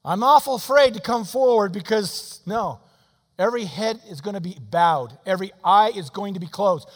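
A man in his sixties preaching an altar call in a church, swinging between soft pleading and loud shouting. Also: high voice, moderate pace. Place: church sanctuary. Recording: long hall reverb.

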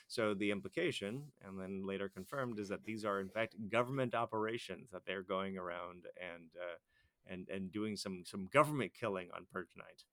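A man's voice: sits low, fairly even intonation, moderate pace, fairly bright tone, no room sound. Wry man talking through a movie. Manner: dry, wry remarks with many "like" fillers. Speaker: podcast co-host. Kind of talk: casual movie recap chat.

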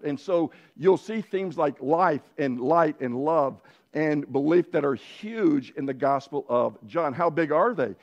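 A man teaching a Bible class in a relaxed, conversational way, often restarting his sentences. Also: a little high, highs cut off. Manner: conversational, frequent restarts and self-corrections. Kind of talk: casual Bible lesson.

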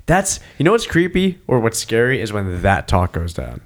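A man's voice: lowish voice, normal speed. A man chatting casually, asking questions and jumping into playful acted-out scenes. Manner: acts out scenes in lively put-on voices. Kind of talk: casual chat.

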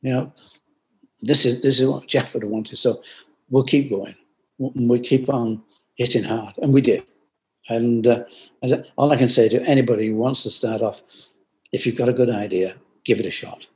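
An older man talks over a video call, thoughtful and earnest. He circles back to his points with repeated phrases and lets his voice sink into soft, quiet asides. His pitch sits in an ordinary middle range. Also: fairly even intonation, moderate pace, pauses often. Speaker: guest, company founder.

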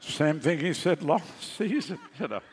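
A man's voice: on the high side, animated, unhurried, long reverb tail, slight background noise. A male pastor preaching a sermon in a conversational way, with sarcastic asides.

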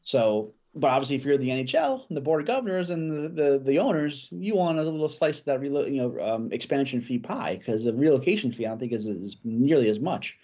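A man chatting casually about hockey as a podcast guest, thinking out loud with fillers and restarts. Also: mid-range voice, expressive, a little fast, hardly any pauses, highs cut off. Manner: thoughtful, many fillers and restarts. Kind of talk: casual sports chat.

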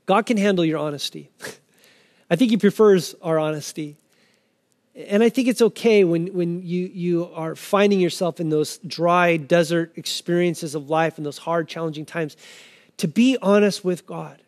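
A man with a high voice delivers a sermon, full of passion and feeling. He slips into the voices of the people in the scripture, now soft and now pleading, as he tells their story. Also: normal speed. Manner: impassioned preaching, voicing the people in the scripture he quotes. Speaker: pastor.

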